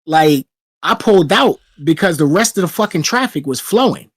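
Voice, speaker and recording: A man's voice: on the high side, normal speed. A man co-hosting a podcast, telling profane stories in casual chat. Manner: profane storyteller, animated retelling. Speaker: podcast co-host.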